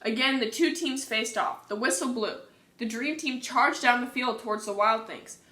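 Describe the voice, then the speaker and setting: A woman reading a children's book aloud in a cheerful, lively way, recorded in an echoey room. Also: on the high side, normal speed. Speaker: reader. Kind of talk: children's storybook read-aloud.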